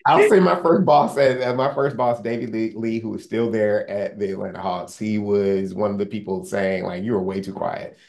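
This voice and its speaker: A man's voice: lowish voice, fairly even intonation, moderate pace, gravelly, few pauses, a little mellow. A man speaking as a lawyer guest in a candid interview, earnest and rambling, with many restarts and fillers.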